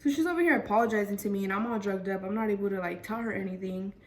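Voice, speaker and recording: A woman's voice: mid-range voice, very fast. A young woman vlogger telling a casual storytime, chatty and full of fillers. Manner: chatty, lots of fillers and "freaking". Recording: voice a bit far from mic.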